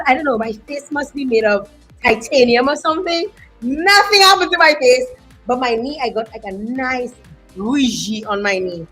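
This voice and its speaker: A woman with a Dominican accent hosts a live online show, talking in a bright, animated, chatty way. Her voice sits a little high. Soft music plays faintly behind her. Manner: animated, chatty, greets viewers, island slang. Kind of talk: lively live-stream chat.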